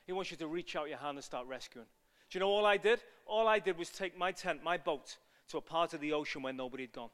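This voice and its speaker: A man preaching an evangelistic sermon, telling a story and building to loud, passionate appeals. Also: fairly high pitch, fast talker, big-room sound.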